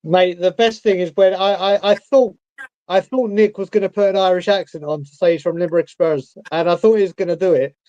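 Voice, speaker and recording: A man's voice: high-pitched, a little fast, dry recording, lo-fi sound. A man in casual live stream chat, telling stories animatedly, heard over a call. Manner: animated storyteller, laughs along.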